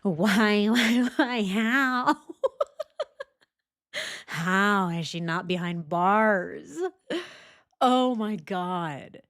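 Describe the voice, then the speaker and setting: A woman commenting on interview transcripts as a true crime host, animated and sarcastic, swearing often. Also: mid-range voice.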